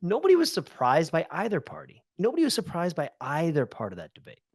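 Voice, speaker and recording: A man in his thirties chatting bluntly on a podcast. His pitch leaps around a lot as he acts out little quoted asides. The mic is close and dry, with no room sound. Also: huge pitch swings, fast, vocal fry, slightly rough, no room sound. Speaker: podcast co-host. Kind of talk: casual chat.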